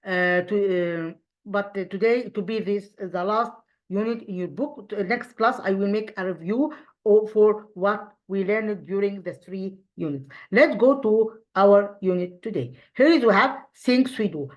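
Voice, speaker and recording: A woman teaching an English lesson to children online, talking haltingly with many fillers and restarts. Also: mid-range voice, darkish tone, highs cut off. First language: Arabic.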